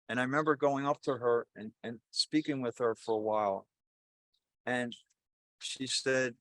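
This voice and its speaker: A man's voice: medium pitch, fairly even intonation, normal speed, fairly bright tone, dry recording. An older man, a priest, giving a homily in a conversational, rambling way, mixing jokes with personal stories. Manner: conversational, rambling, self-correcting. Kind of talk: sermon with jokes and storytelling.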